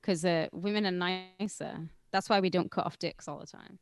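A woman's voice: on the low side, steady tone, moderate pace, smooth, no echo, clean studio sound. A British woman co-hosting a podcast, chatting in a cheeky, blunt, teasing way. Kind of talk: casual chat.

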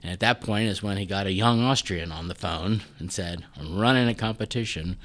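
Low-voiced man telling a story. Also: brisk. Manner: relaxed storyteller, voices quotes, frequent restarts. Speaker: festival president, guest. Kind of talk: conversational interview storytelling.

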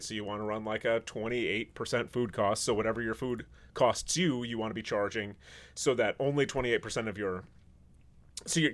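A man's voice: mid-range voice, a bit bright. A man who is a chef, hosting a casual podcast chat with a wry, sarcastic, rambling manner.

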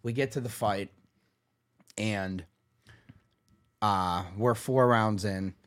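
Pittsburgh guy, lowish voice, telling a wild fight story on a podcast, acts out the quotes. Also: slow, clear, resonant tone. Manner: animated, swears when heated, acts out quotes. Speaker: MMA manager, podcast guest.

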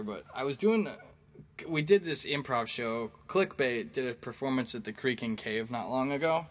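A man's voice: mid-range voice, a bit bright. A man who does stand-up, telling a loose story to his audience with lots of fillers, restarts and swearing. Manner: rambling, profane, many fillers and restarts. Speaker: stand-up comedian. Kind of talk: casual storytelling monologue.

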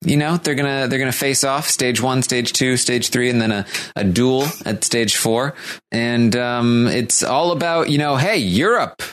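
A man's voice: mid-range voice, unhurried, a bit bright. A man hosting a podcast, chatting casually and joking at his own expense. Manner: self-mocking, joking, apologetic. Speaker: podcast host.

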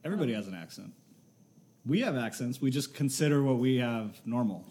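A man's voice: mid-range voice, animated, fairly quick, a little mellow. A man co-hosting a podcast in casual chat, teasing his friends and laughing a lot. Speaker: podcast co-host.

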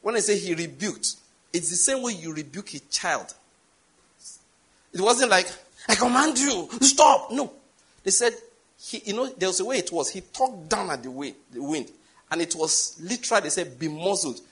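A man with a Nigerian accent preaching a sermon, telling a story with emphatic stress, jumping high and loud on key words. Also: expressive, moderate pace, husky.

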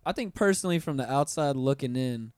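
Smooth-voiced podcast host man. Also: mid-range voice, brisk, no echo, studio quality. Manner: laughs easily, animated storytelling. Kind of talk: casual podcast chat.

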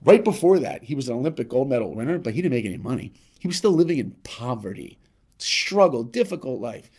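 Appearing as a podcast guest, a man tells a motivational story with emphatic repetition, his volume swinging from loud to hushed. He has a medium pitch and talks fast, staying very animated throughout.

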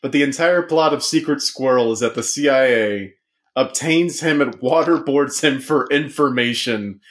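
A man's voice: mid-range voice, moderate pace. A man hosting a casual comedic podcast, joking around and putting on a sportscaster-style intro voice. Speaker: podcast host. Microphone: remote call recording.

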